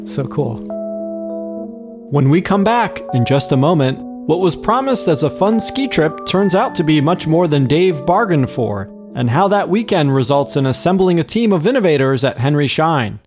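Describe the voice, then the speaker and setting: A man's voice: fairly high pitch, animated, moderate pace, music in the background. A man hosting a podcast, asking questions and reading sponsor messages. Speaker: podcast host.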